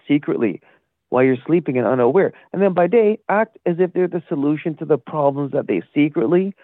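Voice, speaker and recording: A caller with a slightly high voice phones in to a talk show for a rambling, indignant rant, losing his thread at times. The phone line is tinny, with no room sound.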